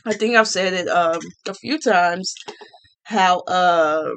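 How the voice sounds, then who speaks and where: A woman's voice: fairly low pitch, slow, fairly bright tone. A young woman from the Midwest, ranting casually in a blunt, sarcastic, profane way and laughing often. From Gary, Indiana. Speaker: vlogger.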